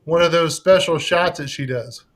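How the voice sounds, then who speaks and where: A man's voice: on the high side, normal speed. A man hosting a live stream, chatting casually and joking with frequent laughs.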